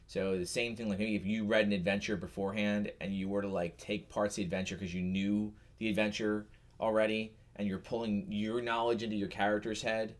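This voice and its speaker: Male host, middle-aged, low voice, chatty and patient, restarts his sentences a lot. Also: little pitch movement, a little fast. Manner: rambling, self-correcting, explains patiently. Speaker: podcast host. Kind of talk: casual chat.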